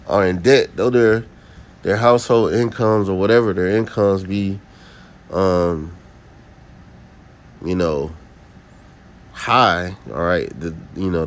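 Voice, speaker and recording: A man teaching a scripture lesson in a preachy way, reading verses aloud and checking in with his listeners again and again. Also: low-pitched. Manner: preachy, repeats "all right?".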